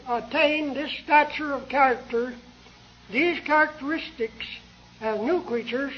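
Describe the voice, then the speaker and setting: Slow, high-voiced older male preacher. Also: muffled recording. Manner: slow, measured, earnest delivery with rhetorical questions. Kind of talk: sermon.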